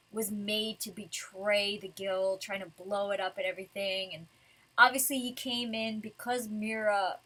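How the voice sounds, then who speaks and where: A woman's voice: medium pitch, fairly bright tone, breathy edge, rough recording. A woman reviewing a manga chapter in a casual, rambling way, giggling and full of fillers.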